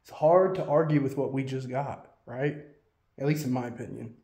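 A man's voice: medium pitch, normal speed, mellow. Man ghost hunting in an echoey room. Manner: casual, calls out questions to spirits. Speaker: solo ghost hunter host. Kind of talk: paranormal investigation vlog. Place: old schoolhouse indoors.

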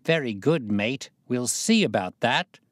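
A man's voice: mid-range voice, expressive, unhurried, a bit bright, no room sound, studio quality. A man reading aloud, voicing an insolent, half-drunk male servant who speaks sulkily and snarls. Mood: snarling. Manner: sulky, snarling.

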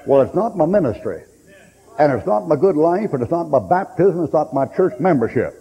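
A man preaching a fiery sermon, blunt and joking, breaking into sudden shouts. His voice sits fairly high for a man. The old recording is dull and faint with hiss, set in a hall with a long echo. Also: big pitch swings, brisk.

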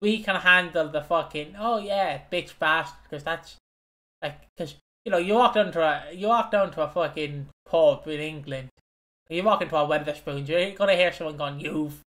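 A young man with an Irish accent chats loosely as a podcast co-host, his voice sitting a touch high for a man. He rambles, swears freely and breaks into giggles between his points. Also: moderate pace, a bit bright. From Ireland. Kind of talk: casual chat.

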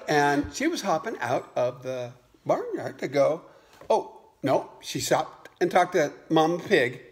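A man telling a playful farmyard story to a child. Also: on the high side. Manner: animated, playful, unhurried. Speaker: father telling a bedtime story.

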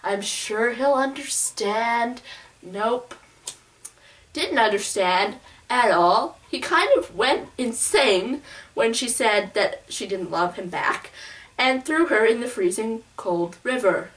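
Woman book vlogger, gushing fangirl rambling, fairly high voice, set back a little from the mic. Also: expressive, slow pace, a bit bright, far from the mic. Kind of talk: casual book review chat.

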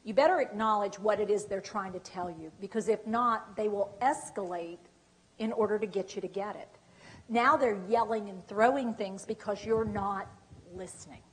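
A woman giving a dementia care training workshop, lively and animated, often acting out examples. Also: medium pitch, normal speed. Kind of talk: workshop lecture.

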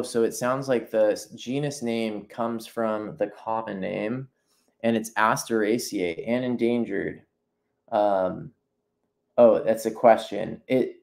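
A man with a medium-pitched voice and noticeable vocal fry teaches nature journaling in a casual live demo. Painting as he talks, he thinks aloud, breaking off and restarting sentences and urging viewers to sketch along.

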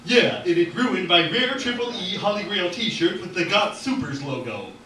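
A smug, lecherous fanboy hero who blurts his lines loudly, as a man reads him out. His voice is bright and sharp. It echoes in a roomy gallery, from a distance. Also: high-pitched, animated, moderate pace, a little hiss or hum, pitched above the performer's own voice.

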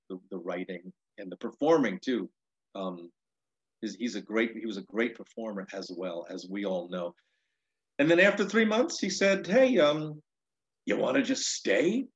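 Comedian guy rambling through old road stories, lotsa you-knows, lowish voice, kinda dull lo-fi audio. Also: husky. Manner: rambling, with frequent restarts and 'you know'. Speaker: stand-up comedian, interview guest. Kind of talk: casual storytelling.

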